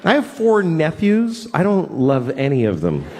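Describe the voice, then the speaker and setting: Brief: forty-something male stand-up, crude and deadpan, lively pitch swings, slightly high voice, recorded in a reverberant live hall. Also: a little slow. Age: 40s. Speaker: stand-up comedian. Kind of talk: stand-up comedy set. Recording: live hall with long reverb and background noise.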